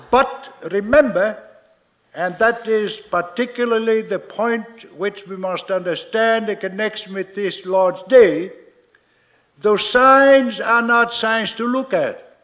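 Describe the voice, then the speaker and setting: High-voiced minister guy preaching real slow, leans hard on repeated words, dull lo-fi sound. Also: fairly bright tone. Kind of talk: sermon.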